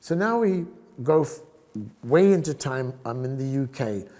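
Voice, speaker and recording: An older man from South Africa, a photographer telling stories as a podcast guest, lively and often laughing. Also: mid-range voice, measured pace. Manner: animated, acts out other people's voices, laughs often. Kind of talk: storytelling podcast interview.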